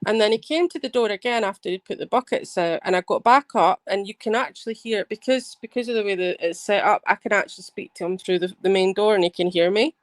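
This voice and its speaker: A woman hosting a livestream, telling a rambling story in an animated way, swearing and restarting her sentences. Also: medium pitch, quick pace, hardly any pauses, no room sound. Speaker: livestream host. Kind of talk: casual livestream chat.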